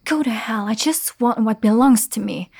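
A woman's voice: a little high, gravelly, a little mellow, slight background noise. A young woman playing a defiant, haughty noblewoman with a sword in a whispered role-play. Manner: haughty, demanding.

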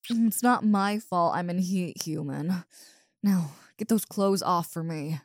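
A woman's voice: on the low side, takes it slowly, no echo, clean studio sound. A woman voicing a big, muscular wolf monster girl who stammers, swears and talks bluntly in an audio role-play. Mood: lustful.

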